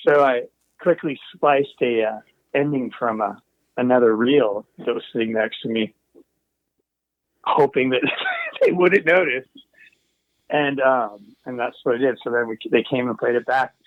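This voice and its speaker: A man's voice: medium pitch, very animated, a little slow, long pauses, no room sound. A man tells stories in an easygoing, roundabout way, drifting into asides and restarting his sentences. His voice comes through a thin, phone-like call line. The sound is close and dry, with no room around it. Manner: meandering, full of asides and trailing restarts. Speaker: guest, recording engineer. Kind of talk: casual anecdotal storytelling.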